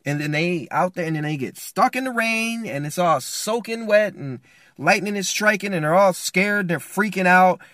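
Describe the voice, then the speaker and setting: Passionate male podcast preacher, bright and forceful, slightly high voice. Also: normal speed, dry recording, clean studio sound. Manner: impassioned, colloquial, pleading. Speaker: podcast host. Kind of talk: preaching-style advice talk.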